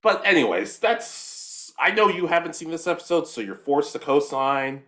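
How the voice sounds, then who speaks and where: Young man, co-host, animated storyteller, lively pitch, casual anime chat. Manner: animated storytelling, quick voices for characters. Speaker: podcast co-host. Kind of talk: casual recap of an anime episode.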